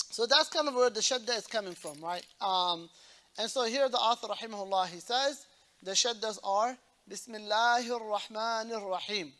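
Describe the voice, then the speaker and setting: Male imam, classroom lesson, patient explainer who demonstrates recitation slowly. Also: high voice, fairly bright tone.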